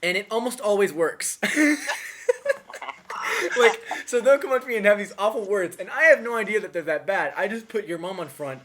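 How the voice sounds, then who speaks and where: A man's voice: sits high, animated, moderate pace, a bit bright. Jokey young man with a light hiss. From grew up abroad as a third culture kid. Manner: jokey, laughs often, acts out voices in stories. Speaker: podcast co-host. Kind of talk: casual chat.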